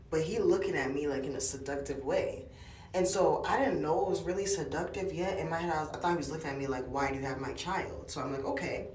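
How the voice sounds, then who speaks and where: A woman's voice: low voice, a little hiss or hum. A woman telling a personal story to camera in a chatty, dramatic way, acting out the dialogue. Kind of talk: casual storytelling. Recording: echoey, from some distance.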